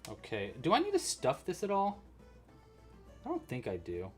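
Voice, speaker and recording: A man's voice: a little high, wildly swooping pitch, normal speed, soft background music. A man hosting a casual live crochet tutorial, chatting with viewers and counting stitches aloud as he works. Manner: chatty, reacts to live chat while crocheting; counts stitches aloud under his breath. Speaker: crochet livestream host.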